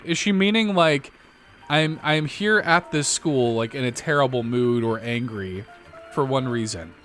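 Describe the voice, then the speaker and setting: A man's voice: mid-range voice, unhurried, a bit bright, faint music behind. A man hosting a let's-play, chatting and thinking aloud while he reads through a story game. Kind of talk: game playthrough commentary.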